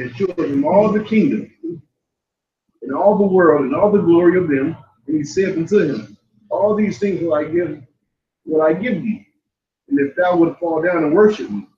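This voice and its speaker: A man reading scripture aloud slowly and carefully in an old-fashioned wording. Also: on the high side, a little mellow. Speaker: scripture reader. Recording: dull, roomy sound.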